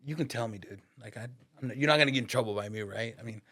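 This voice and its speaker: Guy on a podcast telling a story, swears a lot, slangy, mid pitch, does the voices. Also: very fast. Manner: profane, slangy street talk; lively, acts out the voices in his stories. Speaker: podcast guest, barber. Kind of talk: casual storytelling.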